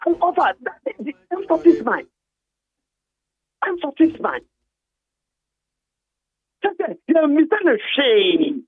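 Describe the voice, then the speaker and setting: A man's voice: extremely high pitch, wildly swooping pitch, slow, long pauses, no echo. A man calling in to a radio talk show, telling an account with emphatic stress and repeating words to drive his points home. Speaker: phone-in guest. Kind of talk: animated phone-in account. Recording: tinny phone line.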